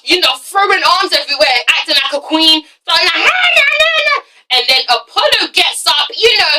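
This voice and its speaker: High bright-voiced woman recapping TV. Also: far from the mic, low-quality recording. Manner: animated, swears freely, breaks into laughter. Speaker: TV show reviewer. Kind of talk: casual recap vlog.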